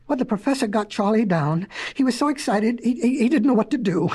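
A woman narrating a storybook in an expressive, playful way with dramatic pauses. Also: a little high, husky. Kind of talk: storybook reading.

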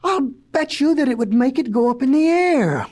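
A woman voicing an excitable, absent-minded male professor inventor in a storybook reading, stammering and exclaiming. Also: sits high, moderate pace, slight background noise, voice pushed up. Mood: excited.

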